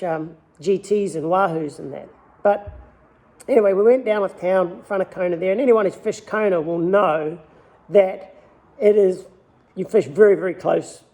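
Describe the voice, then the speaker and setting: A man with a New Zealand accent speaks in a fairly high voice. He tells his story of learning his craft in an easygoing, rambling interview style, circling back and restarting as he goes. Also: vocal fry, mellow. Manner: easygoing, rambling anecdotal telling. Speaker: lure maker.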